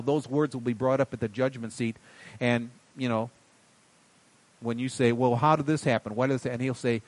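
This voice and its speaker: Man, preacher, folksy, higher-pitched, quiet asides then loud bursts, dry sound. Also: dry recording. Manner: swings from quiet asides to loud emphatic outbursts; folksy, calls listeners buddy and darling. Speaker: pastor. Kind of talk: sermon.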